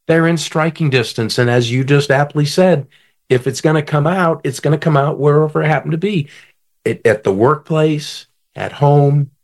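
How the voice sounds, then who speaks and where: A male conflict coach talking with a voice that rises and falls widely. He is animated and draws the host in, asking him to finish his sentences. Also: fairly high pitch. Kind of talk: guest in an interview, coaching talk.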